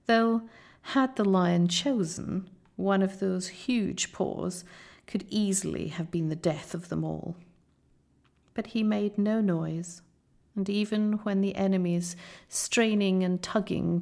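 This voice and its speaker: A woman reading a children's novel aloud in a measured, dramatic storytelling manner. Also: on the low side, creaky, a little mellow. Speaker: audiobook narrator.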